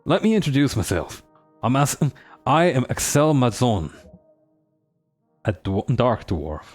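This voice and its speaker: A man's voice: mid-range voice, sing-song, a little slow, soft background music. A man voicing a boastful, cheerful male dwarf historian in a put-on Australian accent that drifts toward Cockney, with a jaunty, theatrical delivery.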